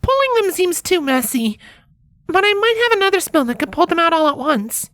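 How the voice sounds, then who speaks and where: A man voicing a clever young female unicorn mage with brisk, matter-of-fact, snippy replies in a fan story reading. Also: very high-pitched, very animated, sharp tone, no echo, clean studio sound, voice pushed up, full character voice. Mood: defensive. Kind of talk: audiobook fanfiction reading.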